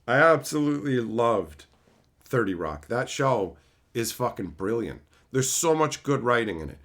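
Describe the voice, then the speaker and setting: A man's voice: medium pitch, normal speed. A man streaming live and casually answering chat about movies, rambling and swearing freely as he talks. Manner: rambling, profane, animated.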